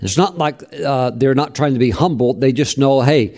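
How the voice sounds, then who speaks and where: A man's voice: mid-range voice, normal speed, darkish tone. A male pastor teaching from scripture in a conversational, emphatic sermon style.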